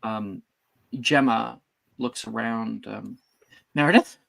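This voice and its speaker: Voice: medium pitch, a little slow, a bit bright, dry recording. A game master narrating a tabletop role-playing scene with lots of fillers. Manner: rambling, many fillers.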